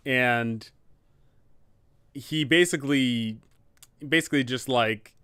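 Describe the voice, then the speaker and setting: A man's voice: medium pitch, takes it slowly, bright, forceful tone, clean tone, dry recording, clean studio sound. A man, a dungeon master hosting a live Q&A stream, chatting casually and rambling. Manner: rambling, lots of fillers and restarts.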